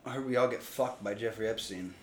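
A young man co-hosting a podcast, loud and crude in casual banter, in an echoey room. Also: on the low side, fast. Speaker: podcast co-host.

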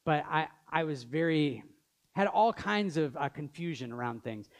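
A man's voice: on the high side, expressive, moderate pace. A man in his thirties preaching a sermon as pastor, telling stories earnestly and acting out the dialogue. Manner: earnest storytelling, acts out dialogue.

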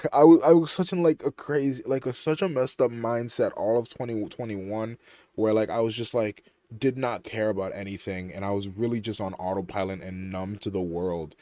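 A man's voice: lowish voice, a little mellow, dry recording. A young man talking in a casual, heartfelt monologue, rambling and emotional with many restarts.

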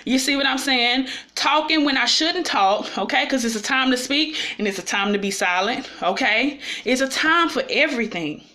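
A woman's voice: sits high, pushed and bright. A woman giving an informal, personal sermon, often checking in with her listeners as she speaks. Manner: personal and confessional. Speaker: preacher.

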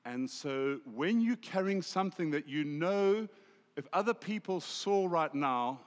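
A South African man preaching a sermon, swinging from loud emphasis to hushed asides. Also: a little high, expressive, a little slow, in a large hall. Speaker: pastor.

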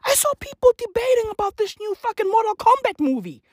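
Young male vlogger, high and lively voice, dry close sound, swearing rant. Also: fairly quick, dry recording. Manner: loud, animated, slangy, swears a lot. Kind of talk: profane comic rant.

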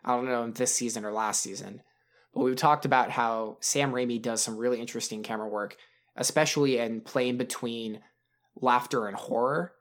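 A man's voice: mid-range voice, steady tone, moderate pace, a bit bright. A man co-hosting a podcast, chatting casually about films, rambling with many restarts and fillers. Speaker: podcast co-host.

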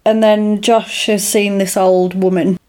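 A woman chatting casually, retelling events with lively acted-out lines and laughs. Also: medium pitch, unhurried. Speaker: podcast co-host recapping a film. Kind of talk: casual chat.

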